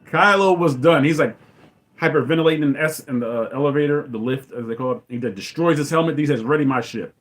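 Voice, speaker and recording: A man in casual commentary, rambling and enthusiastic as he retells a movie scene and acts out lines in quick voices. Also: on the high side. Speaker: podcast host.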